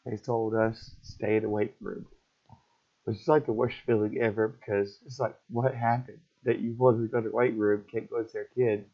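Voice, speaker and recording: A middle-aged man telling an emotional personal story in a halting, repetitive, raw way. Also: fairly low pitch, level tone. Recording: dull lo-fi recording.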